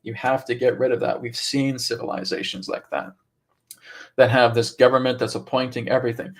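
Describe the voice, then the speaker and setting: A stern, ancient inner-earth woman, as a man channels her gives advice in a live session. She hammers the point home in short, emphatic commands that she keeps repeating. The voice has a gravelly, creaky grain at an ordinary middle pitch. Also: flat delivery, brisk, lightly acted. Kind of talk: channeled speech in a live stream.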